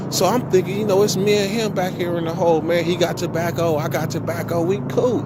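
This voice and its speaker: A man casually telling a long story from his own past, with profane, slangy speech and animated quoted dialogue. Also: mid-range voice, very noisy. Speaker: vlogger.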